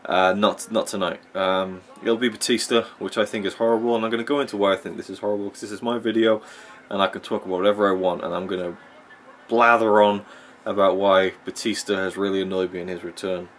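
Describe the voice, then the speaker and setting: A wrestling vlogger with a lowish voice and fairly even intonation rambles through opinionated commentary while watching a match. He loses track of points and circles back, filling pauses with ums and you-knows, over a faint hum of room ambience.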